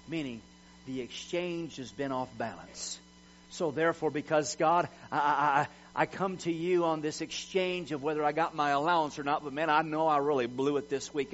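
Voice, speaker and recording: A man's voice: fairly high pitch, a bit bright. A middle-aged male pastor preaching a sermon with emphasis, acting out quotes with swagger. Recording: dull lo-fi sound with mains hum.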